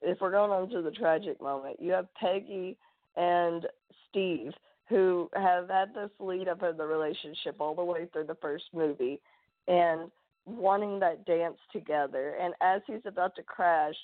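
Over a tinny, phone-like line, a woman co-hosting a podcast chats casually, retelling film scenes in an animated, rambling, jokey way. Her voice sits on the low side, she speaks unhurriedly, and there's no room sound.

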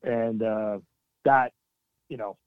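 A man's voice: lowish voice, fairly even intonation, clean tone, dry recording. Veteran man on a tinny line. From Canada. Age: middle-aged. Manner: earnest, halting, with sudden emphatic bursts. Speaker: military veteran guest. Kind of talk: candid interview storytelling. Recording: dry, tinny phone-like line.

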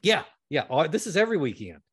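Profane animated man telling a story. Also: a little high, fast talker, husky, dry recording, clean studio sound. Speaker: podcast host. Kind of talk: casual storytelling chat.

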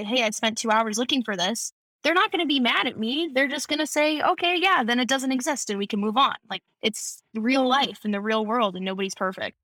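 A young woman chatting as a podcast guest, telling animated, quick stories with a laugh. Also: a little high, dry recording. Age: young adult. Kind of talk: casual chat.

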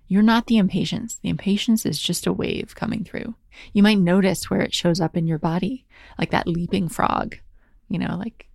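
A woman speaks in a calm, reflective mindfulness talk, drawing out key words and checking in with the listener. Her mid-pitched voice carries a light vocal fry. The sound is close and dry, with no room around it. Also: no echo. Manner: gentle, reflective, slow and drawn-out on key words, frequent "right?".

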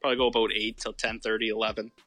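A man's voice: lowish voice, little pitch movement, very fast, a bit bright, no room sound. A man co-hosting a podcast in casual chat, teasing his partner, laughing easily and swearing casually. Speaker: podcast co-host.

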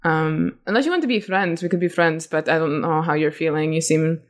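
A woman's voice: sits low, a little fast. A woman playing a tabletop game, teasing and swearing casually. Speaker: player.

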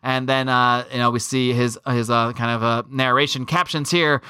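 Bright-voiced man recapping comics casually. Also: medium pitch, steady tone, moderate pace, smooth, dry recording, clean studio sound. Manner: rambling, many fillers and restarts, chuckling asides. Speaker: podcast host.

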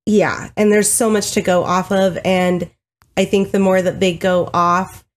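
A woman's voice: medium pitch, little pitch movement, unhurried. Chatty woman co-hosting a show recap. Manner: chatty, laughs easily, retells scenes. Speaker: podcast co-host. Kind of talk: casual chat.

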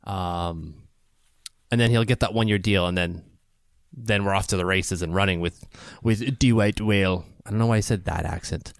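A man's voice: sits low, steady tone, normal speed, gravelly, clear, resonant tone, no room sound, clean studio sound. A man co-hosting a podcast in casual chat, chatty and storytelling. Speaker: podcast co-host.

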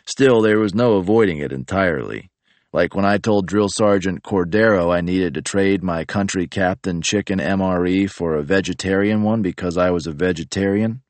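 A man narrating an audiobook in a deadpan, matter-of-fact way. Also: deep voice, moderate pace, no echo.

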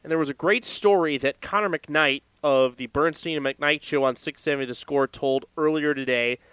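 A man's voice: fairly high pitch, normal speed, a bit bright, clear, resonant tone, no echo. A man hosting a podcast, speaking earnestly in a reflective tribute monologue. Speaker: podcast host.

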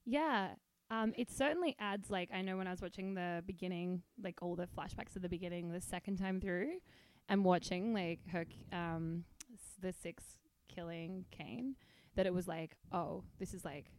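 Low-voiced chatty woman from Australia. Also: moderate pace, hardly any pauses, a little mellow, a little hiss or hum. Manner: chatty, lots of fillers and laughs. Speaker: podcast co-host. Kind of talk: casual chat.

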